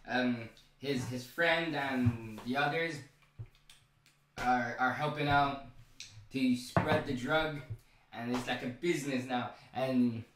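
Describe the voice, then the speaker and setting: Excitable man recapping in an echoey room. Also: medium pitch, slight background noise. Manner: rambling, excitable, full of restarts and repeated words. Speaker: show recap vlogger. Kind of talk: casual episode recap. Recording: very echoey room, mic far off.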